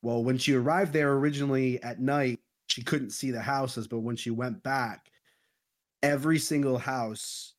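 A man on a movie review podcast walks through a horror plot in loose, profane chat. His voice sits at an ordinary middle pitch, and he tells the story with offhand slang. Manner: animated retelling with crude slang. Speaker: podcast host.

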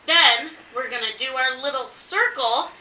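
Woman, tipsy, giggly, swearing, casual chat, very bright voice, slightly distant mic. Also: sits high, a little slow, reverberant, slight background noise. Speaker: co-host.

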